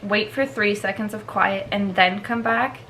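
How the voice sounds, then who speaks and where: A woman's voice: mid-range voice, steady tone, unhurried, sharp tone, rough recording. Woman, dog trainer, casual vlog, chatty with fillers, slight noise behind. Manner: chatty, laughs often, filler-heavy.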